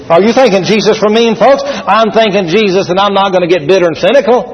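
A man preaching a sermon to a congregation, animated, acting out scenes with shouts and laughs. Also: high-pitched, quick pace, few pauses, a faint crowd, a little hiss or hum. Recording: dull sound with long hall reverb.

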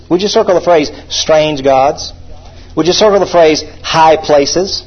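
Man preaching, emphatic, husky, slightly high voice, dull lo-fi recording. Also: lively intonation, moderate pace. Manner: emphatic, asks the congregation to repeat phrases. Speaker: pastor. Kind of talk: sermon.

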